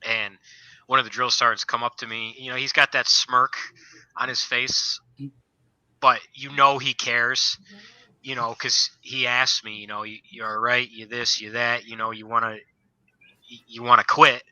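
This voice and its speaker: A man's voice: mid-range voice, level tone, normal speed, pushed and bright, no room sound, low-quality recording. A man, a former soldier, telling stories from basic training in a casual podcast chat, rambling and leaning on filler phrases. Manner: rambling storyteller, leans on "you know".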